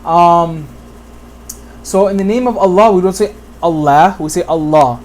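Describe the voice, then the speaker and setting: The voice here is mid-range and somewhat dark, at a moderate pace. At a whiteboard, a Bangladeshi teacher patiently goes over Quran pronunciation, repeating examples and regularly checking in with the listener.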